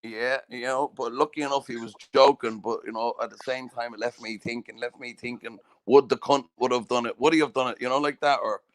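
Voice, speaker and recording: A Southern Irish man hosts a podcast in casual chat, his medium-pitched voice fairly even and brisk with few pauses. He's a chatty storyteller who swears freely and keeps asking "do you know what I mean." The sound is dry and close-miked.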